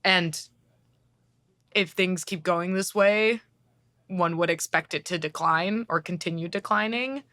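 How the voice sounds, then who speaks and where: Woman, podcast co-host, lowish pitch, bright forceful tone, blunt and casual, dry sound. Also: dry recording. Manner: brisk, blunt, swears casually.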